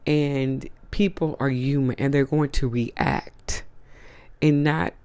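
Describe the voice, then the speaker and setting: Speaking slowly with a steady, medium-pitched, darkish voice, a channel host delivers an outraged, profane opinion rant to camera. He hammers his points by repeating them, and the sound is clean with no echo.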